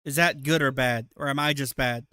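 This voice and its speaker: A man's voice: medium pitch, fairly even intonation, normal speed, sharp tone, smooth, dry recording, clean studio sound. A man hosting a casual livestream, reacting to clips with crude, sarcastic rambling. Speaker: livestream host.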